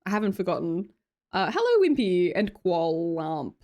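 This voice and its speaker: A woman's voice: on the low side, very animated, normal speed, darkish tone. A young Australian woman chatting casually on a live stream, reading out chat, teasing viewers, laughing often and swearing casually. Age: young adult.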